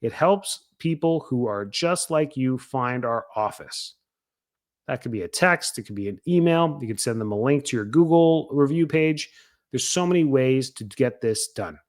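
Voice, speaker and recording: Chatty, energetic man coaching. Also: medium pitch, moderate pace. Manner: energetic and chatty, acts out quoted lines. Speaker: podcast host coaching chiropractors. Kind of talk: casual coaching talk.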